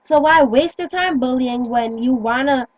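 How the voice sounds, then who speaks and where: A woman's voice: high voice, moderate pace, no room sound, muffled recording. A teenage girl talking earnestly into a phone in casual chat, rambling and stumbling over her words. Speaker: teen vlogger.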